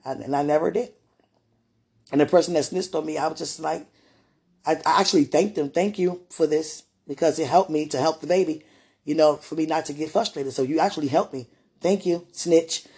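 A woman who used to be a childcare teacher, chatting casually in an interview and telling lively stories with frequent laughter. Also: low-pitched, a little fast, breathy edge. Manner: chatty, laughs often, animated retelling.

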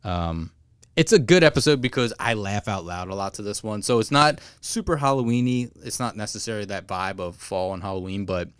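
A man's voice: fairly low pitch, animated, smooth, no room sound, clean studio sound. A man co-hosting a podcast, casually recapping a cartoon episode, laughing often and quoting lines. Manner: laughs often, quotes lines in quick put-on voices. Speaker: podcast co-host.

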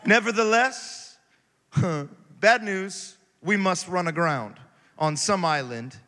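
Animated preacher in a long-echo hall. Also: male voice, sits high, slow. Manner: animated, swings from quiet reading to loud exhortation. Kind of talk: sermon.

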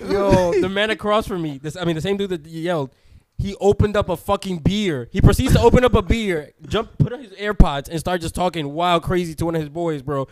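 A young man, telling a story to friends in an animated, slangy way and laughing often. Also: high-pitched, brisk, few pauses, dry recording, studio quality. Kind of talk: casual storytelling among friends.

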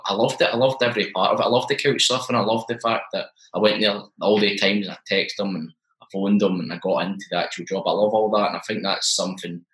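A young man in his twenties, a guest telling his story in a chatty, animated way and acting out the dialogue. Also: lowish voice, echoey room, low-quality recording. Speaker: interview guest, business owner. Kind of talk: casual storytelling.

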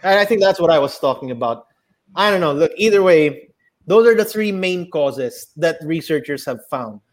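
Animated Filipino man, high voice. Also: normal speed. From Philippines. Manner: animated, mixes Tagalog into English, swears, mock voices. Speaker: podcast co-host. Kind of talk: casual chat.

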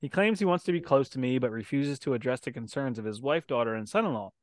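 A man co-hosting a podcast, telling crude jokes and reading listener letters with loud laughter and free swearing. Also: mid-range voice, lively intonation, quick pace, no room sound. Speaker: podcast co-host. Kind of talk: crude casual podcast banter.

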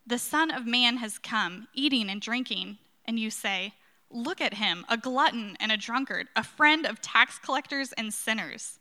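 A woman reading a Bible passage aloud in a measured, formal way. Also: on the high side, sharp tone. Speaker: scripture reader. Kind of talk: scripture reading.

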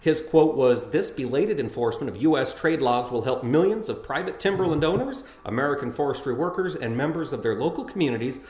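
A man's voice: medium pitch, animated, a little fast, hardly any pauses, darkish tone, roomy sound. A man co-hosting a farm news talk show, chatting casually and reading grain market figures in a folksy way. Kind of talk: casual radio chat and market report.

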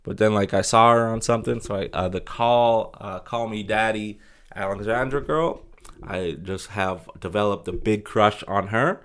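A young man with a fairly low voice talks through a casual solo podcast. He rambles and jokes, restarting sentences and leaning on fillers as he goes. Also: normal speed, fairly bright tone. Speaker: podcast host.

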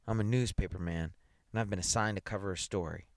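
A man's voice: low voice, quick pace, dry recording, clean studio sound. A man reading aloud and voicing a nervous, blustering male newspaper columnist who talks in slang. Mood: defensive.

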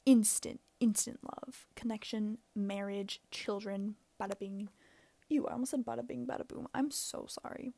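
A woman's voice: medium pitch, fairly even intonation, normal speed, vocal fry, warm tone, dry recording. A young woman hosting a casual solo advice podcast, rambling and self-mocking, with lots of "like" and frequent laughter. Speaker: podcast host.

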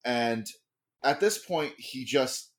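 A woman narrating scenes as game master in a tabletop game, in a lively, quick manner. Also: a bass voice.

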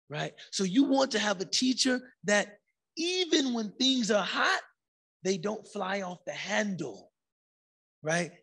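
A man giving a casual, conversational sermon as a religious teacher. He is animated and colloquial, slows down for emphasis, and jumps into shouted bursts. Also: high voice, gravelly, husky.

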